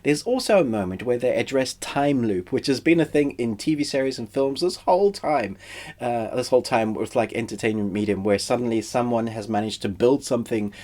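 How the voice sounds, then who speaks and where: A man with a head cold and a stuffy, congested voice, giving a chatty, relaxed spoken review. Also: medium pitch, brisk. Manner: chatty, relaxed, uses fillers. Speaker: film and TV reviewer.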